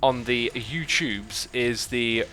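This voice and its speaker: A man hosting a game livestream in a relaxed, rambling way, reading chat and planning out loud. His voice is bright and forward. Faint music plays softly in the background. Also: mid-range voice, slow pace. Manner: chatty, thinks aloud, reads out chat messages. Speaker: livestream host. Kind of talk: casual chat while playing a building game.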